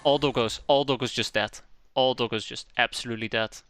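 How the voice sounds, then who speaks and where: A man's voice: steady tone, fairly quick, a bit bright, smooth. A man streaming a game live, giving exasperated commentary. He repeats himself, swears now and then, and his voice jumps up when something goes wrong. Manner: exasperated, complains aloud, voice jumps high when upset.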